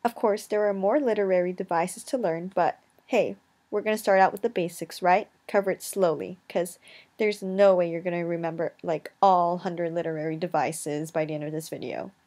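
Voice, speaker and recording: A woman's voice: fairly low pitch, fairly even intonation, moderate pace, darkish tone. A young woman teaching a casual lesson, chatty, with jokey asides and rhetorical questions.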